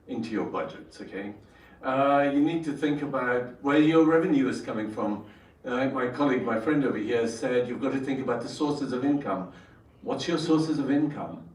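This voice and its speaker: A male trainer speaks to entrepreneurs at a workshop, drawing the room in with questions. His mid-pitched voice echoes around the space and sounds a little distant from the mic. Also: a little mellow. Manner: engaging, asks the audience questions. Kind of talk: storytelling workshop talk to entrepreneurs.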